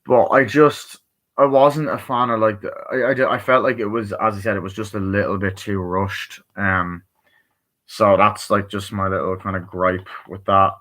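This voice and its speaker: A man's voice: on the low side, fairly even intonation, normal speed, sharp tone. A tired man casually reviewing a movie, rambling and swearing, with lots of fillers and restarts. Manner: rambling, full of fillers and profanity. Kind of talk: casual spoken film review.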